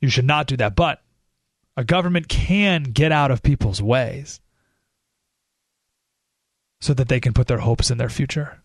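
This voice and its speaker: Gravelly-voiced talk radio host. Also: male voice, medium pitch, a little slow, long pauses, no echo, studio quality. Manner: emphatic, sarcastic, with short laughs. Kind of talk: political talk radio monologue.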